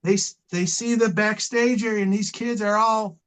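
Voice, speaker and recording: A man's voice: high voice, steady tone, normal speed, fairly bright tone, clear, resonant tone, low-quality recording. A middle-aged man, a wrestling manager, telling long impassioned stories in an interview, rambling and repeating himself as he goes. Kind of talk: storytelling interview talk.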